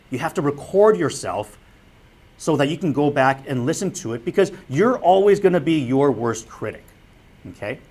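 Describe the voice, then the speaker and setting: A man's voice: on the high side, a little mellow. A man who works as a sportscaster, giving a public lecture on broadcasting in an earnest, direct way, repeating his key advice. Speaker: broadcasting instructor and former sportscaster.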